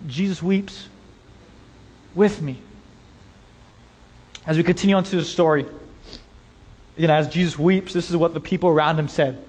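A man's voice: a little high, normal speed, pauses often, a little mellow. A male pastor preaching a passionate sermon and speaking directly to his congregation. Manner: impassioned, addresses the congregation directly. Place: church sanctuary. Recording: long reverb of a large hall.

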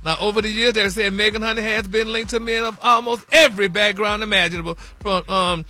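Sassy high-voiced man dishing gossip. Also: fairly even intonation, brisk, sharp tone, faint music behind. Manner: sassy and flamboyant, calls listeners honey and y'all. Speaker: celebrity gossip correspondent. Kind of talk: comic radio gossip segment.

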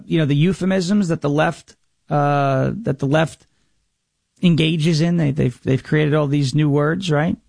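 A sarcastic male commentator holds forth in a loose, mocking monologue. His voice sits high for a man and carries a gravelly edge. The sound is dry and close, with no room around it. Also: no echo. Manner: mocking, sarcastic, mimics opponents in whiny voices. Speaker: radio and podcast host. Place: Tennessee.

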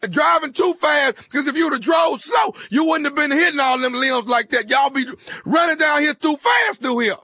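A man plays a heartbroken, hot-tempered neighbor who shouts and sobs over a broken tree. The voice sits very high and cuts through bright and sharp. It sounds dry and close, with no room around it. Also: expressive, normal speed, dry recording, heavily acted. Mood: angry. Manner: shouting, tearful, threatening. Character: grieving angry man whose mama's tree was hit. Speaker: radio prank caller.

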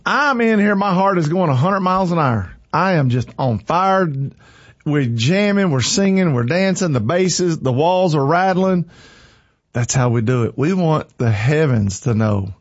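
A man leading worship, out of breath and talking in an excited, exclamatory, folksy way. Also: on the high side, a little slow, no echo. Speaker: worship leader. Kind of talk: excited church livestream chat. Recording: dull lo-fi sound.

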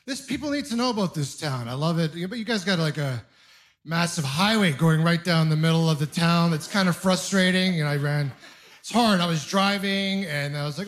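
A young man from Ontario doing a stand-up comedy set in a club, telling self-deprecating, exasperated stories with quick asides. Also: high voice, a bit bright. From Canada (Ontario). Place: comedy club stage with audience laughter.

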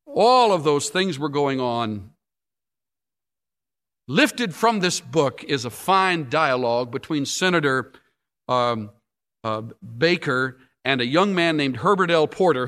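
A man preaching a sermon, telling stories with big rising climaxes and sudden hushed drops. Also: on the high side. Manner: storytelling with sweeping rises and sudden quiet drops.

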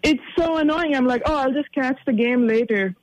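Man, radio co-host, high voice, dry recording, teasing humor. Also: normal speed, no echo, low-quality recording. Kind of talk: sports talk radio banter.

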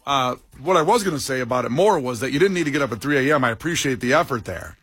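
A man's voice: mid-range voice, animated, quick pace, fairly bright tone, slightly rough, no room sound. A man hosting a morning radio show, bantering upbeat and joking with his co-hosts. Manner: upbeat, jokey, mock-impersonates callers.

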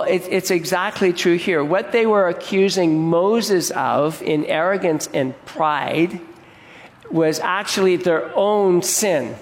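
Earnest preaching man in a reverberant hall. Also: a little high. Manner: earnest, repeats and restarts words, asks the congregation questions. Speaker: pastor. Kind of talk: sermon. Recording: long reverb of a large hall.

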